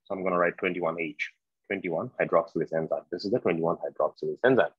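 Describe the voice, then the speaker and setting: A man giving a medical exam prep lecture, slow and repetitive, quizzing his students as he goes. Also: low-pitched, husky, no echo. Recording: dull, dry lo-fi lecture recording.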